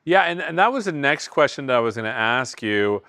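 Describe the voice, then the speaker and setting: A man's voice: medium pitch, very animated, brisk, creaky, bright, forceful tone, dry recording, clean studio sound. A man from the United States hosting a remote panel, asking questions in a candid, chatty way. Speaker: panel host.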